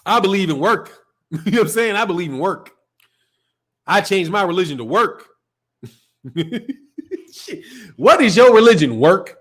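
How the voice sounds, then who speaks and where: On his boxing channel's live stream, a host from Chicago, speaking with the local accent, rambles and swears freely, laughing often in a casual rant. He speaks in a high, animated, slightly bright voice, a little slowly and with long pauses.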